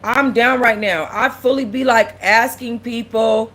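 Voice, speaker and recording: A woman's voice: on the high side, steady tone, a little slow, a bit bright. A young woman, host of a casual livestream, speaking candidly and close to tears. She repeats herself and reads out and answers viewers' comments. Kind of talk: emotional casual livestream talk.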